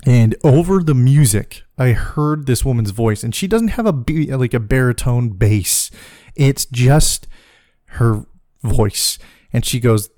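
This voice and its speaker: A man hosting a podcast, telling a comic personal story in a profane, animated way, laughing as he goes. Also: medium pitch, measured pace, dry recording, clean studio sound. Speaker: podcast host.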